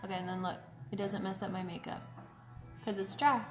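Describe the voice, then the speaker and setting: A woman's voice: medium pitch, fairly even intonation, a little fast, music in the background. A woman hosting a casual live makeup tutorial from home. She chats away and greets viewers by name. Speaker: beauty host. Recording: roomy echo.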